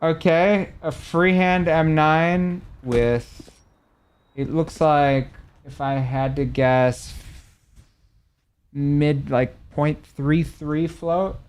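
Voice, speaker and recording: A young adult man streaming live, chatting casually with his viewers and reacting animatedly, his voice swinging between loud and soft. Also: a little high, steady tone, extremely slow, smooth.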